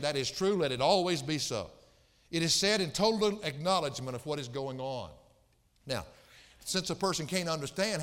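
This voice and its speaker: A man preaching a sermon in a church sanctuary. His voice sits fairly high and swings widely in pitch, and he hammers his points home by repeating phrases. A long reverb from the large hall trails behind him. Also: a bit bright. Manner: emphatic, repeats phrases for stress. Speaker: pastor. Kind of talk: expository sermon.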